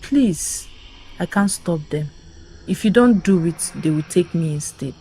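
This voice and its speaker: A weak, terrified young man begs and sobs through his words, as a woman reads him out. He speaks low in pitch and slowly, desperate in a dark audio horror story. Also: lively intonation, breathy edge, full character voice, poor audio. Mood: pleading. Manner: sobbing, desperate pleading.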